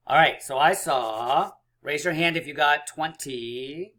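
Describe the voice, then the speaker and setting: Bright-voiced, upbeat teacher man. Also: mid-range voice, normal speed. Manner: encouraging, playful, counts aloud. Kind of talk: math lesson for young children.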